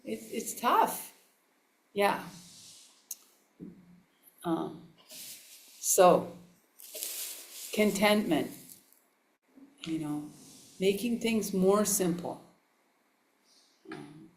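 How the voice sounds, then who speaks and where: A woman giving a relaxed, chatty dharma talk to a live audience, laughing often and restarting her sentences. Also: medium pitch, drawn-out words, long pauses. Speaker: Buddhist nun teacher. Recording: echoey room.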